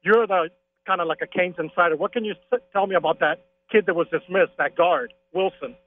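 A high-pitched male caller comes through a tinny phone line. He rants with excitement about his team, stacking opinions and asides in casual call-in chat. His tone stays chatty and insistent. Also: a little fast. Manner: excitable, opinionated sports fan.

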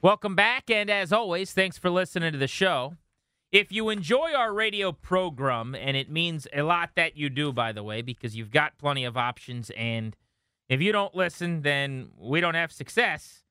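A man's voice: a little high, expressive, normal speed, bright, forceful tone, clear, resonant tone, no echo, studio quality, soft background music. A male sports radio host with a polished, upbeat presenter manner, interviewing a guest and promoting the show.

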